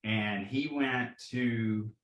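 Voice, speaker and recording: Very slowly and in a lowish, fairly bright voice, a man in his forties, a fire captain, tells personal stories for a podcast interview. The sound is roomy and lo-fi. He is earnest, leans on "you know," and repeats himself.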